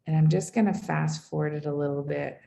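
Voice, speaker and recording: Low, gravelly woman presenting a webinar. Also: fairly even intonation, a little fast, warm tone. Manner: chatty, loose, with many fillers.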